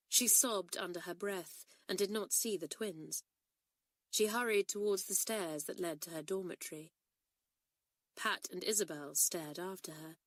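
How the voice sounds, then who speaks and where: A woman narrating an audiobook with expressive storytelling. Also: on the low side, no room sound, clean studio sound.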